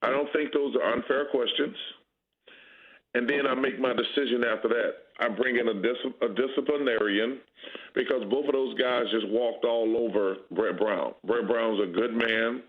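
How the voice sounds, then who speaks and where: A blunt, candid man in his fifties talks sports in a loose, emphatic way. His voice comes through a thin, tinny phone-like line that strips the low and high ends. His pitch sits in an ordinary middle range for a man. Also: steady tone, normal speed. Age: 50s. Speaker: guest basketball analyst. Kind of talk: casual sports talk.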